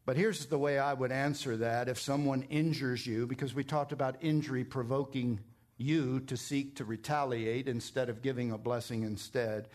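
A middle-aged man preaching a sermon as pastor, emphatic and climbing higher when he presses a point. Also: fairly even intonation, moderate pace, a little mellow.

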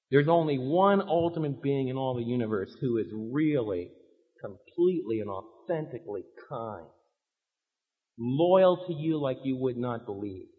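A man preaching a sermon, emphatic, swinging between loud urging and quiet pleading. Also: high voice. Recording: reverberant hall, dull lo-fi sound.

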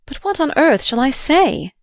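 A bright, eager young son, as a woman puts him on, lifted higher than her own reading voice and full of quick, earnest questions. He sounds bewildered and keen at once, read dry and close like a storybook recording with no room around it. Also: sing-song, no echo.

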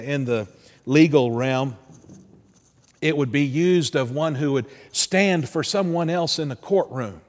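Earnest pastor preaching in a reverberant hall. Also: male voice, a little high. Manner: earnest, slows and softens for emphasis. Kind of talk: sermon.

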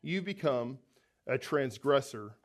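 A man's voice: mid-range voice, animated, slow pace. A man preaching an expository sermon, explaining scripture step by step in an earnest, emphatic way. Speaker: pastor.

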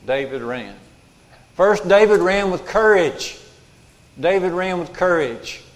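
A man preaching a sermon as pastor, emphatic and repeating his key lines for weight. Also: fairly high pitch. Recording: long hall reverb.

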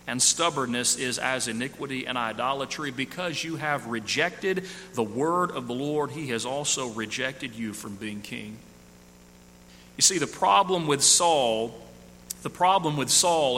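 A man's voice: a little high, sharp tone, big-room sound, slight background noise. A man preaching a sermon, reading scripture aloud and repeating phrases for emphasis.

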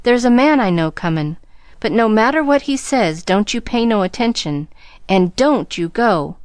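A jittery young woman digs in her heels, talking fast and plain in country grammar, as a woman reader puts her on. Her voice sits a little higher than the narration, in a dry close sound. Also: animated, dry recording, natural voice. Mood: insistent. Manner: hurried, insistent, rural grammar. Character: troubled young woman, nervous and defiant.

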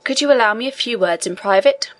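A woman's voice: a little high, lively intonation, a little fast, lightly acted. A woman reading the lines of an elderly male prisoner priest who talks in an earnest, pressing way. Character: elderly male imprisoned priest, eager scholar.

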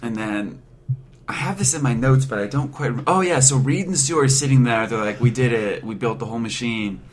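Casual podcast host, male, rambling movie recap, quick laughs, plain mid voice. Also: mid-range voice, a little hiss or hum. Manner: rambling, laughs often, acts out quotes in his own voice.

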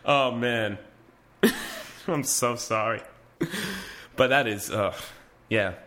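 A man's voice: mid-range voice, drawn-out words, sharp tone. A man hosting a casual news podcast, reading articles aloud with wry asides and frequent restarts. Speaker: podcast host.

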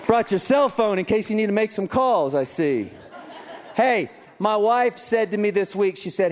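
A male pastor with a high, bright-sounding voice urges and jokes with his congregation from the stage. His words ring out with a long reverb from a large venue. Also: normal speed, a little hiss or hum. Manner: energetic, joking, urging the crowd. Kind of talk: church announcements from the stage. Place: large church venue with a live audience.

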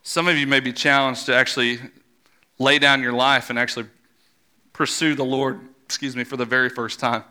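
A man preaching a sermon as pastor, fervent and building to loud exhortation, leading a congregation in a worship hall. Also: mid-range voice, level tone, moderate pace, clear, resonant tone.

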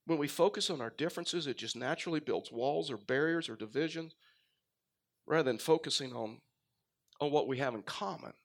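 A middle-aged man from Texas, a pastor preaching a sermon with a faint Texan accent, telling stories and swinging between loud emphasis and quiet asides. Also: fairly high pitch, fairly quick. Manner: storytelling, rises and drops in volume for emphasis.

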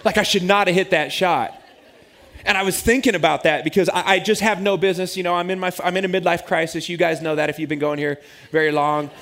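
A man in his forties preaches in a fairly high voice. He tells a story with lively, self-mocking humor, as a pastor talking to his congregation. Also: fast.

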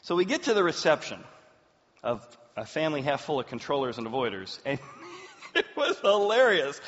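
A pastor in his forties preaches a sermon as a lively storyteller, his pitch and volume swinging widely while he speaks at a normal pace. The recording sounds dull and echoes as if in a large hall.

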